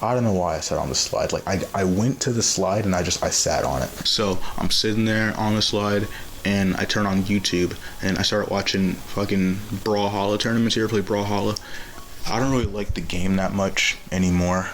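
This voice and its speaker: A man's voice: low voice, a little fast, slight background noise, low-quality recording. A young man telling a casual story-time tale, rambling and profane with lots of fillers and restarts. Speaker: vlogger.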